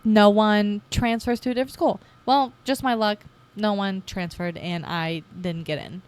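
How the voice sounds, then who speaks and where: A woman's voice: medium pitch, moderate pace, smooth. Chatty young woman telling her story. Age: 20s. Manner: chatty, animated when acting out her past self. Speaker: podcast host. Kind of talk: casual personal podcast monologue.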